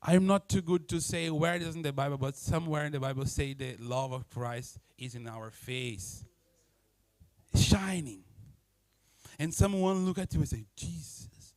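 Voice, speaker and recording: A male preacher giving an animated sermon, acting out everyday scenes in non-native English. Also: on the high side, normal speed, dry recording, low-quality recording. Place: church.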